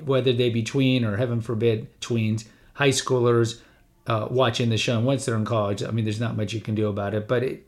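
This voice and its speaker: Man, middle-aged, podcast host, rambling solo commentary, restarts and fillers, medium pitch. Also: creaky, a little mellow. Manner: briefly mimics his father's voice and accent.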